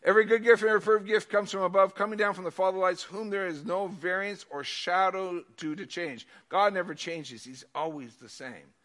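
Man, high voice, preaching, conversational sermon, loud then quiet, repeats himself. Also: brisk, hardly any pauses. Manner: animated, swings between loud emphasis and soft asides, repeats words. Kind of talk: casual sermon.

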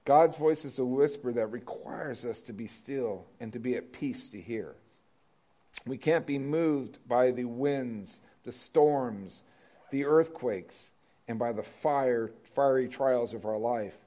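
A man's voice: medium pitch, slow, warm tone. A pastor preaching a sermon in a conversational way, asking his congregation questions.

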